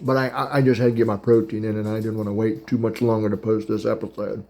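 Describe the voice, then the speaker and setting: A podcast host from the Pittsburgh area, a man in his thirties, rambles through a chatty story about his dating past, eating as he talks and laughing at himself. His voice is lowish, gravelly and a bit dark, delivered fast in a level tone. It's casual storytelling.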